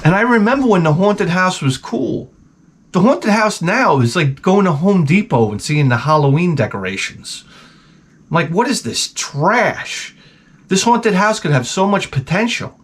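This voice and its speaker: A man's voice: high voice, sing-song, normal speed. A man in his forties, the channel host, telling a profane, rambling comedic rant.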